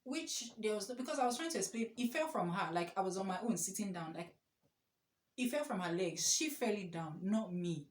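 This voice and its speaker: A young woman telling an animated, exclamatory storytime story. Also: medium pitch, moderate pace. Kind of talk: casual storytime. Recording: echoey room.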